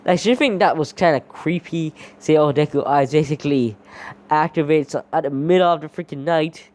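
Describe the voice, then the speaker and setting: A man telling a fan story off the cuff, rambling and circling back with "basically" again and again. His voice is dark and mellow. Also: on the high side. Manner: rambling, leans heavily on "basically". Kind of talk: casual fan-story narration.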